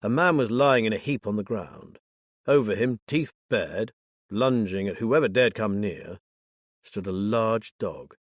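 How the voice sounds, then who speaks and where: A man reads a thriller audiobook as scripted narration, his lowish voice measured and even. The studio sound is clean with no echo.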